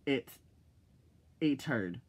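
A teenage boy rambling through a casual vlog, full of "like" and "freaking", swearing freely and jumping into loud, high exclaims when he mocks something. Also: lively intonation, extremely slow, slightly rough. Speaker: vlogger.

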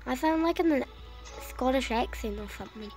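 A woman's voice: high-pitched, darkish tone, rough recording. A woman with a cough, casually commenting on her own strategy game play and rambling to herself with many fillers. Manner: rambling, self-talking, trailing off with fillers. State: sick with a cough. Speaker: gameplay commentator.

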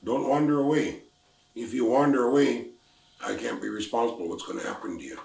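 An older man voicing a stern old grandfather who speaks low and firm. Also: fairly quick, gravelly, a little mellow, close to an everyday voice. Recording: roomy, mic at a distance.

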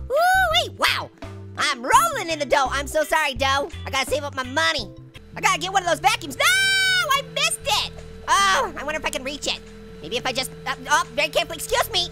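A hyper talking orange with a squeaky, giggly voice that sits very high and swoops wildly up and down. He cracks puns, teases, and bursts into excited yelps, with game music playing behind him. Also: heavily acted. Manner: excitable, teasing, bursts into shouts. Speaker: gaming channel host character. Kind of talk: let's play commentary.

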